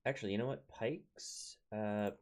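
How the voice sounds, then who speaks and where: A man's voice: on the low side, unhurried, a little mellow. A young man with a Minnesotan accent, chatting casually as he plays a strategy game and talks to his units. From Minnesota, United States. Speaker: let's play host. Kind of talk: casual gameplay commentary.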